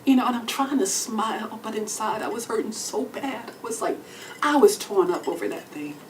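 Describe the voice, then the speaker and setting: A woman with a Texan accent performing a stand-up storytelling solo show, swinging between hushed whispers and loud exclamations. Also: on the high side, expressive, moderate pace, a little hiss or hum. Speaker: comedian. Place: comedy club stage. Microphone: stage microphone. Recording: distant mic with faint club ambience.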